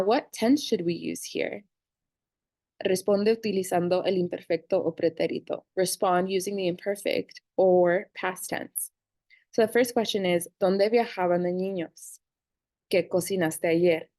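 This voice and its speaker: A young woman in her twenties teaching a casual grammar lesson, reading verb forms slowly and clearly. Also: lowish voice, darkish tone, dry recording. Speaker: Spanish teacher.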